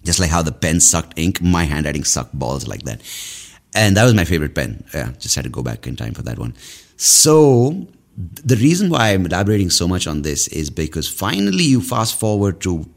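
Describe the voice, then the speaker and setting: A man's voice: sits low, very animated, moderate pace, creaky. A man from India in his thirties, hosting a podcast as a casual, rambling monologue, swearing freely and mocking himself. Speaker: podcast host.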